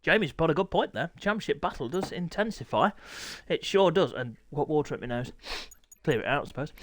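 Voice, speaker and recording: A man commentates an online motorbike race from his home setup, jumping between hype and silly asides. His voice sits high and swoops with energy, slightly hoarse, recorded close and dry. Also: brisk, dry recording. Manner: excitable, jokey, self-mocking. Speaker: sim racing commentator. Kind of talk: live esports race commentary. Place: small home room called a commentary box.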